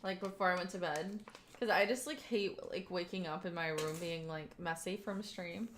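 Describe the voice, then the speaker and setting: With slight background noise, a young woman from Kentucky talks at normal speed in a lowish voice. She's livestreaming from an echoey home room, rambling casually with viewers, using lots of fillers and reading chat aloud.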